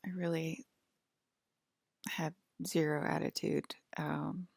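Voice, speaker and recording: Low, gravelly woman rambling to camera. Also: level tone, takes it slowly, no room sound, studio quality. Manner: meandering, full of "um" and "like", soft-spoken. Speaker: vlogger. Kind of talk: rambling personal monologue.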